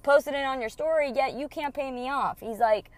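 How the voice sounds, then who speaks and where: A woman's voice: high-pitched, a little fast, no room sound. A young woman angrily retelling a personal feud in a casual storytime rant, swearing freely and acting out the other people's lines. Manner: heated, profane, animated retelling with quoted dialogue.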